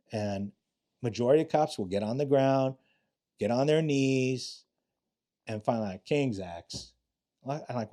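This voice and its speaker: A man's voice: mid-range voice, lively intonation, moderate pace, pauses often, warm tone. A middle-aged man, a retired detective, telling stories bluntly and with profanity in a casual interview. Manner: blunt and profane, acts out quotes in other voices. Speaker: retired homicide detective, podcast guest.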